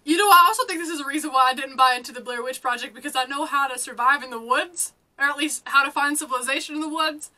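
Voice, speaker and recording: A woman's voice: high-pitched, fast, hardly any pauses, pushed and bright. A woman hosting a casual reaction commentary, chatting and exclaiming at the screen. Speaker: host.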